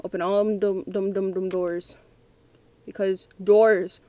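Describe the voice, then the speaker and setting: A woman's voice: mid-range voice, level tone, a little slow, warm tone, no room sound. A young woman playing a scary game at home, talking nervously and giggling to herself. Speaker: gamer. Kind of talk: let's play commentary.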